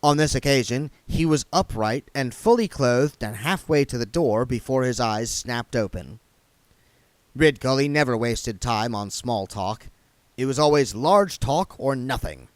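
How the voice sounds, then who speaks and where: A man reading a comic novel aloud in lively, expressive narration. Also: mid-range voice, measured pace, no room sound. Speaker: reader.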